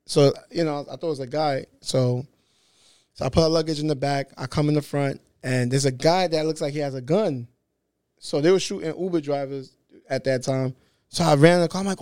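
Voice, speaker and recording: A man guest in a casual podcast chat, an animated storyteller who swears a lot and acts out quoted lines. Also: fairly high pitch, a little fast, no echo, studio quality. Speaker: interview guest.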